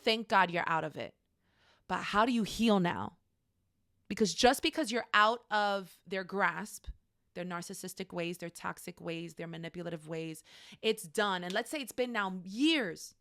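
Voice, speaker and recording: A woman's voice: fairly low pitch, unhurried, a bit bright, no room sound, clean studio sound. A woman teaching a faith-based class in a frank, conversational way, speaking straight to her listeners. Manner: acts out quoted voices.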